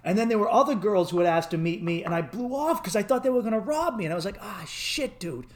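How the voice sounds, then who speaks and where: A man's voice: lively intonation, fast. Rambling, swearing young man telling stories. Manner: rambling, swears freely, acts out quotes in a high voice. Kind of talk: casual chat, storytelling.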